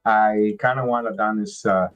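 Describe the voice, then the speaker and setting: A man's voice: on the low side, fairly even intonation, a bit bright, soft background music, rough recording. Rambling man hosting a wrestling watch-along. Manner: rambling, halting, many restarts. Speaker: podcast host. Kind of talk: casual live watch-along chat.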